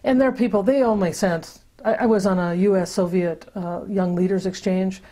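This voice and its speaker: Speaking at a moderate pace in a steady, dark-toned voice of medium pitch, an older woman is interviewed for an oral history. As the sister-city project's founder, she looks back on the past, often restarting and leaning on fillers.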